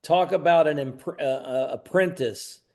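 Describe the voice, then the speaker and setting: A man in his sixties, a guest in an interview, telling anecdotes in an animated way with sudden bursts of emphasis. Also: a little high, unhurried, gravelly. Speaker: guest, wrestling announcer and promoter. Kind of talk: storytelling interview.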